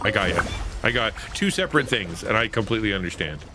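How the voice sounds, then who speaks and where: A man's voice: fairly low pitch, expressive, fast, background noise. Playful man narrating his gameplay. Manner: playful, self-mocking, chatty with chat. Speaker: gaming streamer and host. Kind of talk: casual live gameplay commentary. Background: game music.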